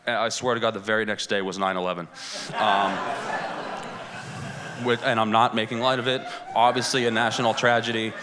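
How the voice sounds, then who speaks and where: A man doing a stand-up set on a club stage, telling a story in a rambling, deadpan way into a handheld mic. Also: fairly low pitch, fairly quick, crowd noise. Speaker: stand-up comedian. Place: comedy club stage with a live audience.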